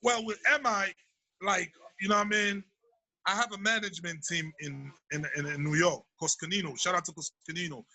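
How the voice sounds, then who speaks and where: A man's voice: high-pitched, steady tone, fairly quick, sharp tone, low-quality recording. A man from Sierra Leone, a rapper answering interview questions in a laid-back way, often tagging his sentences with "you know what I mean". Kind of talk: casual interview talk.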